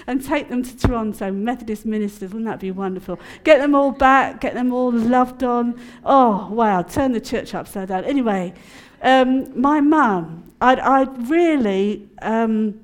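A woman speaking at a prayer conference, mixing personal testimony with teaching in a chatty, expressive way and laughing often. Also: fairly high pitch.

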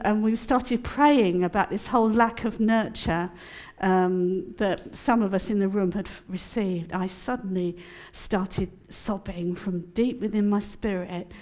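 A woman addresses a prayer conference in a medium-pitched voice, telling her own story and teaching from it. She is chatty and expressive and breaks into laughter easily. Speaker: conference speaker. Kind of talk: personal testimony and teaching.

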